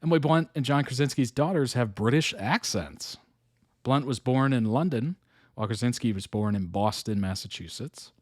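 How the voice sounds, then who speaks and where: A man's voice: mid-range voice, moderate pace, darkish tone, no room sound, studio quality. A man hosting a reaction video, reading an article aloud and musing over it casually between chuckles.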